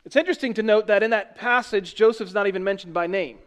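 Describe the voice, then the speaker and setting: An earnest man preaching a sermon, his voice sitting a little higher than most men's. He talks in a conversational way, often restarting phrases and correcting his slips as he goes. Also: fast talker, fairly bright tone. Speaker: pastor.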